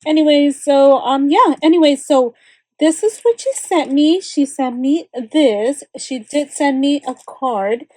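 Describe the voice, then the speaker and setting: Chatty woman with a dark, dry voice. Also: sits high, animated, a little slow, no echo, rough recording. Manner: chatty, rambling, many fillers and exclamations. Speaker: craft channel host. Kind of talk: casual unboxing chat.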